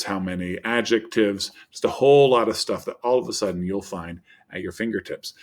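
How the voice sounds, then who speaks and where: Low-voiced man teaching vocabulary. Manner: upbeat, explanatory, reads word lists slowly. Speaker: Spanish teacher. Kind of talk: recorded vocabulary lesson.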